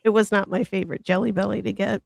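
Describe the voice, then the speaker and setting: Giggly chatty woman with a gravelly edge. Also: medium pitch, level tone, fast, a little mellow, dry recording. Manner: giggly, chatty, self-described nerd. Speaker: host. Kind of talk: casual group chat on a stream.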